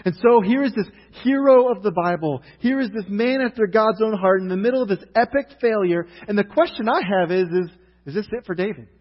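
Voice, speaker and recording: Animated man preaching in a reverberant hall. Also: high voice, brisk, muffled recording. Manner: storytelling, animated retelling with rising outrage. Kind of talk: sermon.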